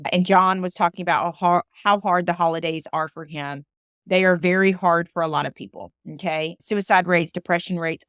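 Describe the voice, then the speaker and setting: A woman's voice: on the low side, dry recording, studio quality. A woman from Alabama giving a personal storytelling talk, emphatic and repeating phrases for emphasis. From Alabama, USA. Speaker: motivational speaker.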